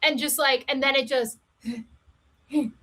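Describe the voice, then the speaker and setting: A woman talking candidly as a podcast guest, telling stories with laughs and quick asides. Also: sits high. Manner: candid, laughing, animated storytelling. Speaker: guest, cam performer. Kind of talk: casual podcast chat.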